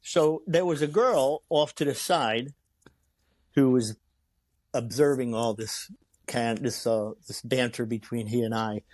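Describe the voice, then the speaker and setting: Speaking at a measured pace in a dry recording, a man with a mid-range voice tells a long story as an interview show guest. He brings lots of energy, voices the people he quotes, and restarts his sentences again and again.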